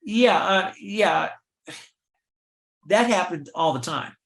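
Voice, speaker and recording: An older man, a guest in an interview, telling lively anecdotes and acting out the voices of the people in them. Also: high voice, slow, vocal fry, roomy sound. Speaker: film extra and actor, guest. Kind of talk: storytelling in an interview.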